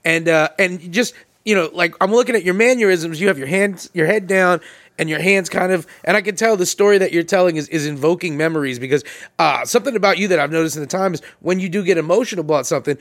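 A man's voice: sits high, fairly bright tone. A man co-hosting a podcast in casual chat, teasing his partner and laughing often. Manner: fast, teasing talk with frequent laughter. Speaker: podcast co-host.

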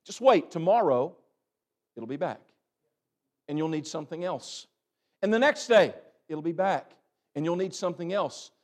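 A man preaching a sermon as pastor, building phrases up and letting them drop off quietly. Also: a little high, animated, normal speed, long pauses. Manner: preaching with swelling and fading emphasis, repeated phrases.

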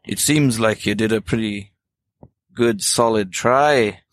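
A man's voice: lowish voice, slow, dry recording. A man voicing a menacing bar bouncer who speaks in a sneering, threatening way.

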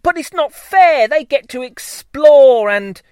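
A man voicing a curious, restless young female bee who pleads in a high, whiny voice. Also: lively intonation, slow, a little mellow, no room sound, heavily acted.

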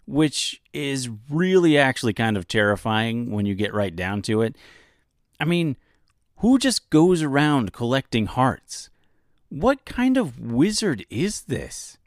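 A man's voice: medium pitch, very animated, unhurried, no room sound, clean studio sound. A man hosting an audiobook podcast, giving wry, self-deprecating commentary.

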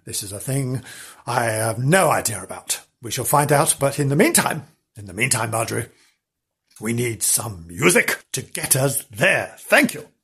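Husky, theatrical male storyteller. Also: medium pitch, animated, moderate pace, fairly bright tone. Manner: theatrical and melodramatic, hamming up the gore. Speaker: podcast host and storyteller. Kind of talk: comic ghost-story telling.

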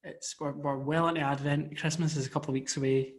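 A young man co-hosting a podcast over a video call, telling animated stories with frequent restarts. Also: a little high, quick pace. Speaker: podcast co-host. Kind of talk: casual chat.

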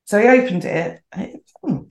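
A woman's voice: mid-range voice, animated, normal speed. A middle-aged woman telling a story casually as a podcast guest, chatty and acting out the voices she quotes. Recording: roomy echoey sound.

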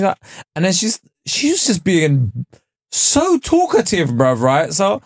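A man's voice: sits high, huge pitch swings, slow pace, vocal fry, no echo, studio quality. A young man, co-hosting a podcast in a laid-back storytelling manner. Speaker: podcast co-host. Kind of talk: casual chat.

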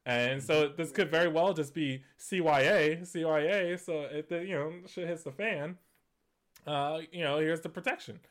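A man's voice: a little high, normal speed. A man hosting a gaming news show, talking in a loose, conversational way with lots of fillers and restarts. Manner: conversational, many fillers and restarts, laughs at points. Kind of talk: casual commentary.

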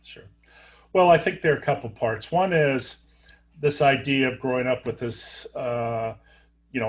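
A middle-aged man talks through a story in an interview, stopping and restarting with lots of filler sounds. His pitch sits in an ordinary middle range for a man. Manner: halting, many fillers and restarts. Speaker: guest, neurosurgeon.

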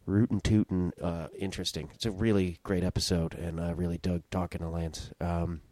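A man's voice: low-pitched, little pitch movement, moderate pace, mellow, no room sound. A young man hosting his own podcast, telling a story in a rambling, self-interrupting way and swearing casually. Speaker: podcast host.

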